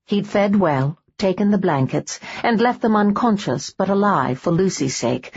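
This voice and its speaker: A woman narrating a historical romance audiobook in a measured, steady way. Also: medium pitch, breathy edge, highs cut off.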